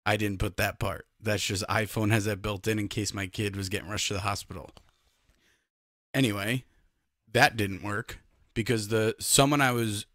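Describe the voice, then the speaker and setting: A man's voice: on the low side, fairly bright tone, dry recording, clean studio sound. A man hosting a sports podcast in a casual chat, speaking with emphasis and talking straight to the listeners. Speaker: podcast host.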